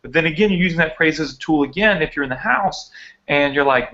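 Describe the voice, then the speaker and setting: A man's voice: fairly high pitch, quick pace, pushed and bright. A man co-hosting a live online dog training chat, explaining with energy over a video call. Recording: dull lo-fi video call audio.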